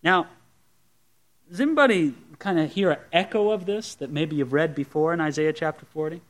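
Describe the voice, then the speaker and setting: A man's voice: a little high, moderate pace. A man preaching a sermon, teaching through a Bible passage verse by verse with conversational asides to the congregation. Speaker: pastor.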